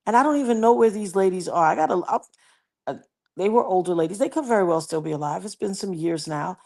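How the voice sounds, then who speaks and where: A woman livestreaming, casually telling a personal story and reading viewer comments in an animated, folksy way. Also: mid-range voice, quick pace, gravelly. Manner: animated, folksy, slips into quoted voices.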